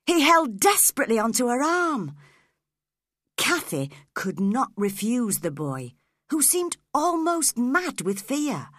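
A woman narrating a story in the first person, reading in a clear, measured, expressive way. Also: medium pitch, no echo, clean studio sound. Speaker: audiobook narrator.

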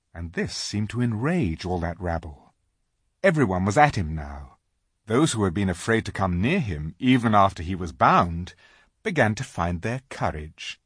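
A man narrating a children's storybook aloud, slow and dramatic in his reading. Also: on the low side, husky, dry recording, studio quality. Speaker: audiobook reader.

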